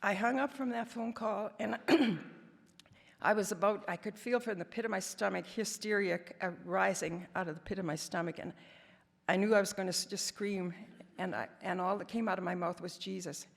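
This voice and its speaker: A woman's voice: mid-range voice, steady tone, moderate pace, gravelly. A woman in her seventies from Canada, giving a personal testimony as guest speaker, telling stories with wry, self-deprecating humor. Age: 70s. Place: large hall. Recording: long hall reverb.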